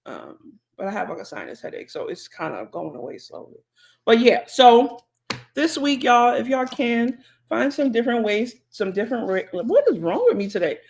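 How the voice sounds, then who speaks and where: A woman co-hosts a podcast. She talks in a relaxed, chatty way, full of fillers and side remarks. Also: fairly high pitch, normal speed, gravelly. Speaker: podcast co-host. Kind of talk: casual podcast chat.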